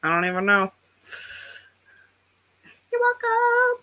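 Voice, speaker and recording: A woman's voice: medium pitch, expressive, slow, bright, forceful tone, low-quality recording. A woman hosting a casual writing livestream, chatty and thinking aloud as she reads and talks. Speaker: livestream host of writing sprints.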